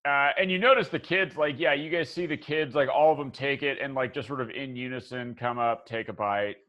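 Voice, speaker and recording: A man's voice: medium pitch, a little fast, muffled recording. Rambling man running a tabletop game. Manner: rambling, many fillers and restarts, drops quiet for eerie details. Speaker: game master.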